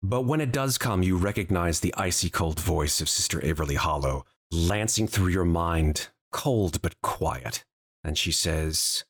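A game master narrating a tabletop game in a very deep, husky voice. He describes each scene at length and softens it with hedging asides. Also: expressive, unhurried.

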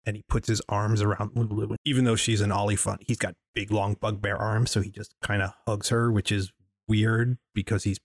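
A tabletop player describing what his character does, casual and conversational. His voice is fairly low, husky and dry. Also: moderate pace, dry recording. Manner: relaxed, conversational narration. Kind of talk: narrating his character's actions.

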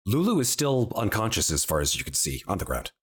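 A man narrating as game master of a tabletop game, with slow, soft descriptive passages. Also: fairly low pitch, wildly swooping pitch, husky.

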